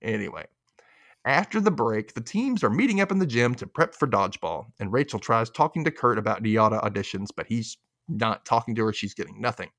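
A young man hosting a podcast, recapping a TV episode in an animated, chatty way and laughing at his own jokes. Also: medium pitch, brisk. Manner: animated, chatty, self-amused with frequent laughs. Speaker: podcast host.

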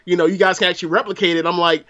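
A man's voice: high-pitched, fairly even intonation, rapid-fire, bright, forceful tone. A man from Florida, chatting casually on a wrestling podcast, full of fillers and restarts. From Florida, USA. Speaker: podcast co-host.

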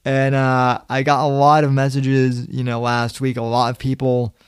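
A man's voice: medium pitch, completely flat delivery, moderate pace, clear, resonant tone, no echo. A young man hosting a podcast, rambling casually with many fillers and the odd swear. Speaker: podcast host.

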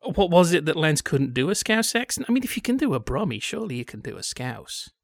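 A man's voice: fairly high pitch, sing-song, a little fast, creaky, no echo, clean studio sound. A man hosting a casual discussion, wry and analytical as he leads the talk. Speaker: podcast host.

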